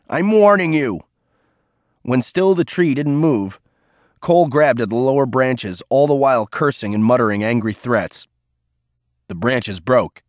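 A man narrating a novel in a steady, measured audiobook reading. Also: mid-range voice, no echo, studio quality.

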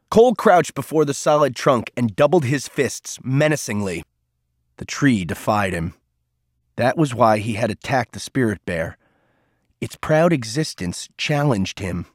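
A man's voice: mid-range voice, dry recording, studio quality. Man reading a novel aloud. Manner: steady, measured storytelling. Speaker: narrator. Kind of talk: scripted audiobook narration.

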